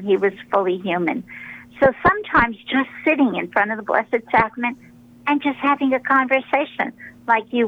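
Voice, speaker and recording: A woman, a religious sister, telling stories in a relaxed radio interview, pausing often with fillers as she rambles along. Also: on the high side, phone-quality sound. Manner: rambling, warm storytelling with many pauses and fillers.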